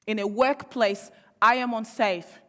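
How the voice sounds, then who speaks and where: Speaking slightly slowly with a fairly even intonation and a somewhat high voice, a young adult woman addresses a panel in a passionate, sarcastic speech full of rhetorical questions. A long hall reverb surrounds her.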